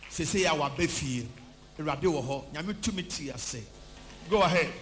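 Shouting and half-singing, a man leads a church service as prophet, moving between English and Twi in a charismatic sermon that includes congregation testimony. His pitch is fairly high and he keeps a moderate pace. The sound is echoey, from a church hall with a hum underneath.

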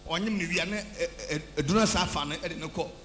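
This is a male prophet preaching a charismatic sermon at a church service, alternating Twi and English as he shouts and sing-songs his lines, with testimony from the congregation folded in. He has a fairly high pitch and talks fast. Background hum and echo from the church hall are audible.

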